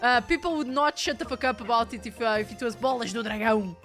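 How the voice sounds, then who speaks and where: A young woman with a Portuguese accent chatting excitedly while streaming a game, laughing often and swearing casually. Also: on the high side, fast, faint music behind. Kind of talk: casual chat while gaming.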